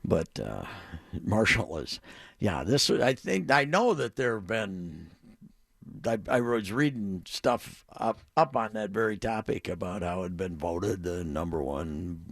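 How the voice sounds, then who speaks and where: A man's voice: deep voice, lively intonation, measured pace, gravelly. A man co-hosting a sports talk radio show, rambling through stories with many restarts. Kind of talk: casual sports radio chat. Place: remote location, off studio.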